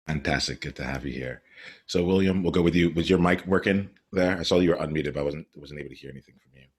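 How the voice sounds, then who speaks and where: Male host, very low and husky, runs a video call. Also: fast talker. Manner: steady, directing who speaks next.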